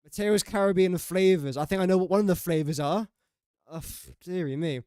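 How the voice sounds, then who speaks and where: A young man talks through a live game stream, musing aloud and poking fun at his own mistakes. His voice sits a little high and comes across smooth and clear. The sound is dry and close, with no room around it. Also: fairly quick, dark tone, no room sound. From England. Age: young adult. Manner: chatty, jokey and self-mocking, thinking aloud. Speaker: gaming streamer. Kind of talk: casual live-stream commentary.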